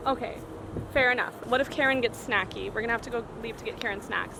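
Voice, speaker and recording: A woman's voice: a little high, fast, gravelly. A woman hosting a travel vlog, chatting and joking in rambling banter while walking outdoors through city streets and a cemetery. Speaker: vlog host. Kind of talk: casual travel vlog chat. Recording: loud street noise.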